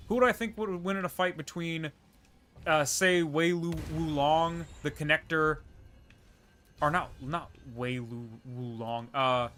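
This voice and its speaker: A man's voice: fairly high pitch, bright, forceful tone, slight background noise. A man streaming a video game live, chatting casually, laughing often and answering viewer questions as he plays. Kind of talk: livestream gameplay commentary and chat replies.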